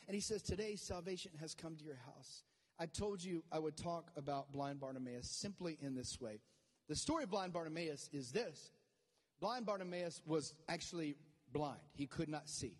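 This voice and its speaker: A man's voice: a little high, animated, normal speed, in a large hall. A man preaching a sermon as pastor, conversational at first and then rising to fervent calls to the congregation.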